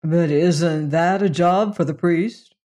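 A reader voicing a calm, courteous human space explorer in an audiobook story. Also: mid-range voice, takes it slowly, close to an everyday voice. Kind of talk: audiobook reading.

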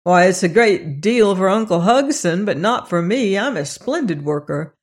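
A reader voicing a cheerful young farm boy in an audiobook, slightly higher and brighter than the narration. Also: animated, moderate pace, breathy edge. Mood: cheery. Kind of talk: audiobook character reading.

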